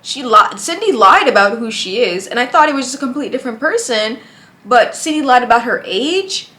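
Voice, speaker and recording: A woman's voice: on the high side, animated, normal speed, a bit bright. A woman reacting to a dating story with blunt, exasperated commentary. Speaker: reaction host. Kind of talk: reacting to a video.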